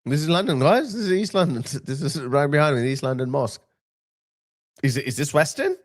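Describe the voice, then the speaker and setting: Guy in his 30s ranting live, a bit high-pitched, keeps restarting his sentences, fired up. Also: brisk. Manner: emphatic, heated, repeats and restarts phrases. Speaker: political commentator streaming live. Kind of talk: opinionated live-stream monologue.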